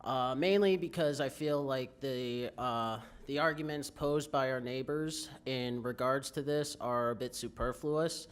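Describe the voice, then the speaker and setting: A young man speaks at a zoning hearing in a brisk, argumentative way. He piles up rhetorical questions to press his point. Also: medium pitch, clear, resonant tone. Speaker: public commenter. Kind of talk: public comment at a county zoning hearing.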